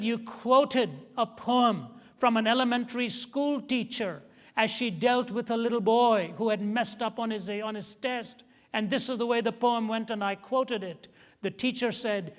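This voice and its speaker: High-voiced man preaching in a reverberant hall. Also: moderate pace. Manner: storytelling, rising to emotional emphasis when quoting. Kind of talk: sermon.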